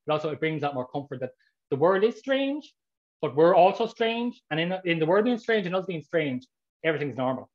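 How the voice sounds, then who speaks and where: An Irish man talks fast and a little high, swooping through asides and acting out what he said and thought. He is an author taking audience questions in a casual, chatty way. The recording is dull and lo-fi. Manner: animated storyteller, quick, acts out his own reactions.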